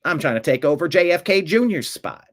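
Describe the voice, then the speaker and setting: A man's voice: fairly high pitch, expressive, brisk, lightly acted. A man doing an impression of a folksy woman politician in a put-on American Southern accent, rambling and correcting himself as he goes. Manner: drawling, rambling, self-correcting.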